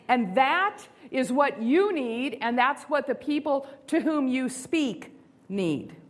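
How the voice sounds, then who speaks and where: Woman giving a sermon, kinda high voice, slow and expressive. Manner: expressive, acts out inner voices, slows for emphasis. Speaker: speaker. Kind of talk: sermon-style talk.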